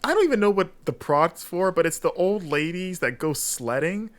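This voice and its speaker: A man's voice: high voice, expressive, moderate pace. A man co-hosting a podcast in casual chat, asking playful, teasing questions. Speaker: podcast co-host.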